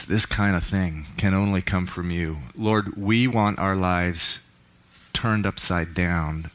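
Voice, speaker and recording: A man, a pastor, preaching a sermon in church, reading scripture with dramatic swells and hushed drops. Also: low voice. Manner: dramatic, swells up on key words and drops to a hush.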